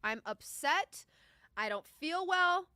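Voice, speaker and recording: Hosting a live sports reaction stream from a sports studio, a young adult woman groans and pleads emotionally as her bet goes wrong. Her voice is very high and bright with a pushed quality, lively intonation, and a slow pace. The studio microphone gives a clean, studio-quality sound with no echo.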